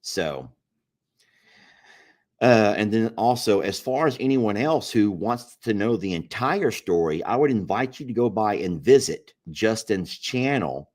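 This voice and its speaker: A middle-aged man with a lowish, slightly mellow voice hosts a casual livestream, reading viewer comments aloud in an easygoing drawl. It's relaxed live chat, and he laughs easily.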